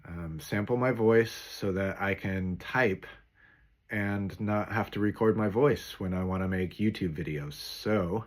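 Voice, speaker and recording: A man speaks at an unhurried, deliberate pace, setting each word apart with care. His voice sits a little low. He drifts between loose chat and long lists of single words, staying clear throughout. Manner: slow, deliberate and clear, listing words one by one. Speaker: YouTuber and music producer. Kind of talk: unscripted talk for a voice-cloning sample.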